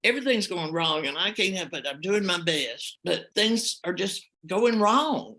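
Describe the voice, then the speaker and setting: Gravelly older woman telling a story. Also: lowish voice, lively intonation, fairly bright tone, rough recording. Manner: heartfelt, halting, emotional telling. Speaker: storyteller guest. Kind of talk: personal storytelling.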